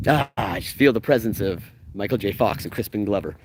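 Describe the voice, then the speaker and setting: A man from Canada streams live while he strolls down a residential street outdoors. He jokes and talks straight to his viewers, loose and excitable, now and then bursting into higher, louder exclamations. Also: a little fast, gravelly, few pauses, noisy background. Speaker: vlogger giving a filming-location walking tour. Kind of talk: casual live-stream walking tour.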